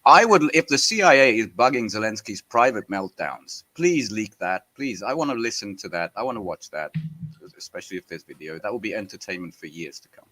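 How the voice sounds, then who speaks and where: A man's voice: fairly low pitch, animated, fairly quick, pushed and bright, low-quality recording. A man hosting a panel podcast, leading the talk with a wry, joking manner. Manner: wry, joking, leads the discussion. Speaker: podcast host. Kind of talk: casual panel discussion.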